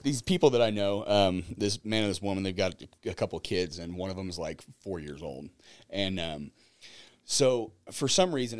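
A man with a fairly low voice tells a rambling story on a podcast, full of fillers and asides. The sound is close and dry, with no room to it. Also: dry recording. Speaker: podcast guest. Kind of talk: casual chat.

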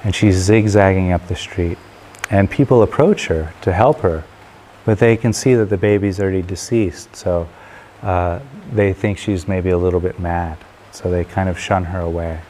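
A man telling a traditional parable in a relaxed, unhurried way, with occasional filler pauses. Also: sits low, a little hiss or hum. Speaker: storyteller. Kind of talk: spoken parable storytelling.

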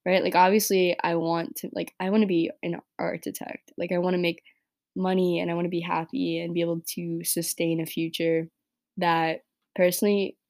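Rambling teenage girl podcaster, low voice. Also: flat delivery, normal speed, a little mellow. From New York. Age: teens. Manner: rambling, heavy use of "like" and "right?". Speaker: podcast host. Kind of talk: casual personal podcast monologue.

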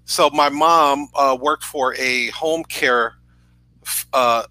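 A man's voice: mid-range voice, takes it slowly, pushed and bright, no echo, low-quality recording. A man in his thirties from New York, a podcast guest earnestly telling a personal story over a video call, often checking in with "right?". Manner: earnest, tag questions with "right?".

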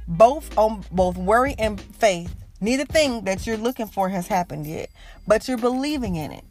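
A woman's voice: medium pitch, a little mellow. A woman hosting a podcast, giving an encouraging faith talk in a preachy, repetitive way that speaks straight to listeners. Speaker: podcast host.

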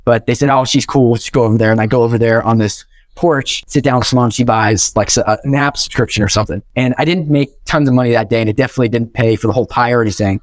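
A man's voice: medium pitch, quick pace, dry recording. A young man giving a motivational keynote, telling stories with energy and acting out the dialogue. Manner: energetic, animated, acts out quoted dialogue. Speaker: keynote speaker.

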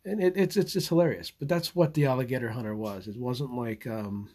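Here the same channel host talks a little fast in a dark-toned, mid-pitched voice during an easygoing live monologue. Sentences get abandoned and restarted and words repeated as he thinks aloud, with the odd chuckle breaking through.

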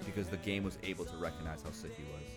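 Low-voiced young man rambling. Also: steady tone, rapid-fire, loud music behind the voice. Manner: rambling, many fillers and swearing. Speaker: podcast co-host. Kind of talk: casual crude chat.

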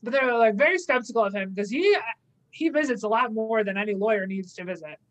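A woman's voice: fairly high pitch, a little fast, poor audio. A young adult woman in casual chat, animatedly recapping an episode and slipping into playful quoted asides. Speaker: podcast co-host.

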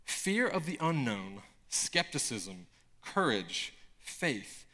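A man's voice: medium pitch, very animated, takes it slowly, pushed and bright. Casual, chatty male preacher. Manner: casual, chatty, frequent filler words. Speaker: pastor. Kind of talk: conversational sermon.

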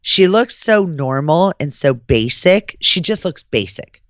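A woman hosting a podcast, telling a story in casual chat, profane and animated, slipping into the voices of the people she quotes. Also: low-pitched, unhurried, no echo, highs cut off. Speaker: podcast host.

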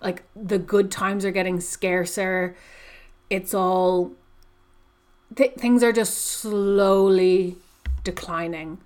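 A woman's voice: medium pitch, steady tone, slow, a little mellow. Woman host, casual chat recapping a novel, chatty, filler-heavy. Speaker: podcast host discussing a book.

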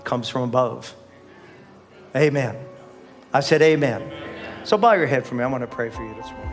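A man's voice: mid-range voice, moderate pace, music in the background. An older man preaching a sermon as pastor, emphatic and repetitive, often calling on the congregation to respond. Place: church sanctuary.

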